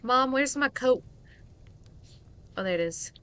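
Woman streamer, playful let's-play commentary, bright voice, lively pitch. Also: slow pace, clear, resonant tone. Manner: playful, chatty, reacts to the game out loud.

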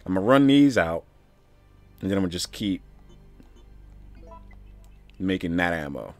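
A man's voice: sits low, big pitch swings, measured pace, soft background music. A man giving casual, profane commentary while playing a video game, grumbling and talking back to the game itself. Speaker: streamer.

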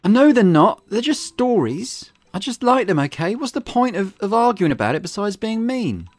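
A man's voice: sits high, very animated, normal speed, no room sound, faint music behind, voice pushed up. A man voicing an earnest young woman who loves fairy tales, defensive and flustered. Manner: flustered and defensive, speeds up when upset.

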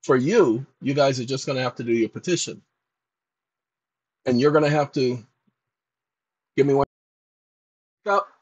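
A man's voice: mid-range voice, steady tone, moderate pace, long pauses, a little mellow, slightly rough, dry recording, muffled recording. A man walking viewers through a casual screen-share tutorial, dictating prompts aloud in an emphatic, scolding way. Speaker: channel host.

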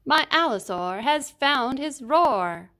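A woman reading a children's picture book aloud in an expressive, sing-song storytelling manner. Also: high voice, takes it slowly. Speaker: storybook reader.

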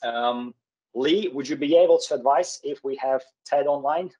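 A man presents over a video call, explaining workplace practice in a halting way. He fills pauses with many hesitations and restarts, in a plain mid-range voice. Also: medium pitch, dark tone, a little hiss or hum, poor audio. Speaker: occupational hygienist presenter. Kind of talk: webinar presentation.

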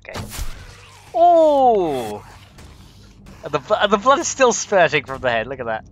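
A young man giving a let's play commentary, chatting as he plays with sudden excited exclamations. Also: a little high, very fast, muffled recording. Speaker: gaming video host. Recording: game sounds with insect buzz behind.

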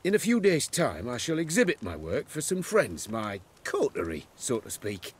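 A genteel inventor in a video game. He speaks formally and effusively, with a very lively, animated rise and fall. A faint background hum sits behind him. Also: medium pitch, moderate pace. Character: genteel eager male inventor.

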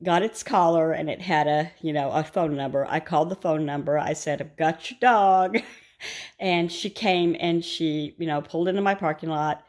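A woman's voice: deep voice, fairly even intonation, moderate pace, a little mellow. A middle-aged woman, chatting casually in her vlog as she cooks, rambling through stories with frequent laughter. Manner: chatty, rambling storyteller who laughs often. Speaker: vlogger. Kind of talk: casual chat while cooking.

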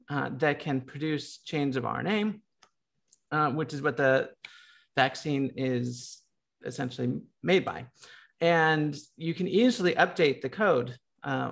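A man's voice: medium pitch, vocal fry. An American man on a discussion panel, talking casually with many ums, likes and restarts. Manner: lots of filler words and restarts.

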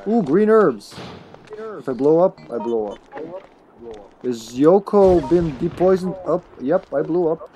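A man's voice: fairly high pitch, animated, measured pace, long pauses, dark tone. A man streaming a video game, joking, swearing and talking to his teammates in casual commentary.

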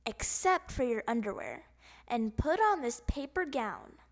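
A woman voicing a stern, grumpy female doctor, speaking slowly and deliberately in a storybook reading. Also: a little high, big pitch swings. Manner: slow and deliberate.

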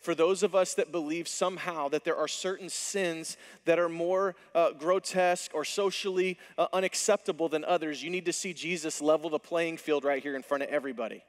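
A man preaching a sermon from a church stage, his voice sitting a little high for a man. He tells the story with lively animation and slips into the characters' lines. His words ring out with a long reverb from the hall. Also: fairly quick, few pauses. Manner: animated storytelling, acting out dialogue. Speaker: pastor.

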